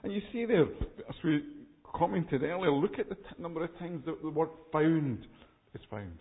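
Man, emphatic sermon preaching, fairly high voice, tinny phone-like sound. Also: lively intonation, normal speed. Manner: earnest, emphatic expository preaching with frequent restarts. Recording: tinny phone-like recording with long reverb.

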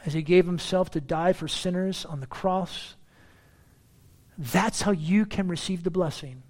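A man's voice: high voice, a little slow, a little mellow. A man preaching a sermon as pastor, reading scripture verses and explaining them with emphatic, repeated phrases.

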